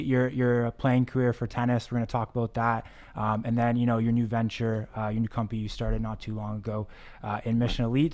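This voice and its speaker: A man hosting an interview show, relaxed and conversational, who talks around his questions before asking them. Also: mid-range voice. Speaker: podcast host. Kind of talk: casual interview.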